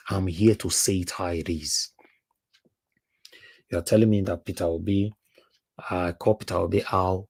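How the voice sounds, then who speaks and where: A man's voice: deep voice, darkish tone, husky, dry recording. A Nigerian man with a Nigerian accent, hosting a livestream and speaking emphatically, repeating words and slipping into Pidgin. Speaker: live stream host and panelist. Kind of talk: heated livestream monologue.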